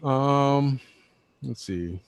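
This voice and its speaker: A man's voice: mid-range voice, animated, drawn-out words, dry recording. A man on a livestream talks bluntly and combatively, often circling back to the same point. His voice sits mid-range and sounds close and dry, with no room around it. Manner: combative, blunt, repeats himself. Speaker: co-host. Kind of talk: casual livestream talk.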